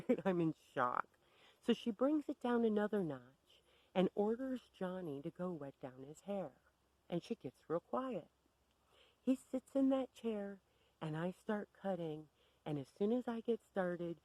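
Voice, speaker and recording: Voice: medium pitch, animated, a little slow, a little mellow, dry recording, low-quality recording. Blunt, wry storyteller, dry sound. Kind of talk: personal storytime.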